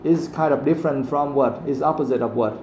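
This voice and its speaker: A man teaching a live English pronunciation lesson, asking the class the same question again and again and saying the example sentences slowly. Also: mid-range voice, darkish tone. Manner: asks questions again and again, quotes the audio slowly. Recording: echoey room, faint background noise.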